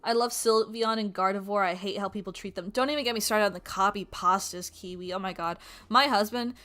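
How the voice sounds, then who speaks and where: A young adult woman streamer chatting casually while drawing, animated and profane, often laughing. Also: mid-range voice, fairly quick. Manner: animated, swearing, laughing, quoting people in mock voices.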